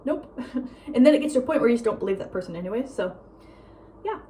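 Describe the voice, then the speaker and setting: Rambling, chatty young woman, bit high. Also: animated, fast talker, a little hiss or hum. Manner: rambling, lots of "like" and "um", laughs often; breezy, drifts between loud and soft. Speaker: vlogger. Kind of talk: casual chatty vlog monologue. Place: at home.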